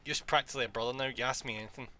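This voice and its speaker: A man voicing a cheeky, boastful male pirate deckhand who talks in a rough sailor's dialect. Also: medium pitch, steady tone, rapid-fire, bright, forceful tone.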